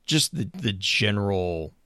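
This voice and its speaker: A man's voice: on the low side, big pitch swings, a little slow, bright, forceful tone, dry recording, clean studio sound. A man co-hosting a podcast in casual chat, talking enthusiastically and rambling with frequent restarts. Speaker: podcast co-host.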